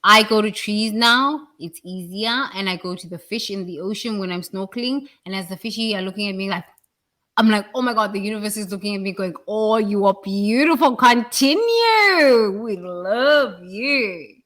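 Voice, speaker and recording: A woman giving a blunt, emphatic spiritual talk, with sudden loud bursts. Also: mid-range voice, a little fast. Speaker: spiritual speaker.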